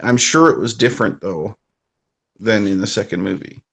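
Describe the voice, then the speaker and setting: A man's voice: lowish voice, normal speed, vocal fry, fairly bright tone, husky. A man co-hosting a podcast in casual film chat, making dry joking remarks. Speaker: podcast co-host.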